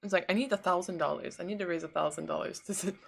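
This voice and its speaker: A woman's voice: on the low side, fast, vocal fry, a bit bright, breathy edge. Woman streamer just chatting w her viewers at home, laughs a bunch, easygoing. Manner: laughs often, chatty, answers chat messages. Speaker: livestreamer. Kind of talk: casual chat with viewers.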